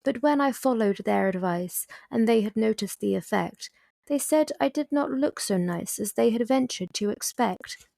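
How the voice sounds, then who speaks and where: A woman's voice: fairly high pitch, animated, moderate pace, gravelly, dark tone, dry recording, studio quality. A woman voicing a vain, grumbling old wasp complaining in a raised storybook voice.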